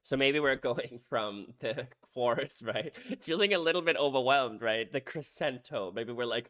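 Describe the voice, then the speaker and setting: A man in the middle of an emotional lyric breakdown, his voice sitting at an ordinary middle pitch. He is animated and keeps tossing out "right?" as he goes, swinging between bursts of loud excitement and hushed, tender asides. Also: measured pace. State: emotional, head hurting. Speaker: music reaction creator.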